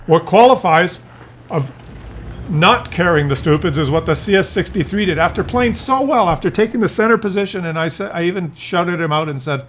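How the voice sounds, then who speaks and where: A man's voice: high voice, expressive, fairly quick, a little hiss or hum. A man giving exasperated, incredulous commentary over a game replay. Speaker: gameplay commentator.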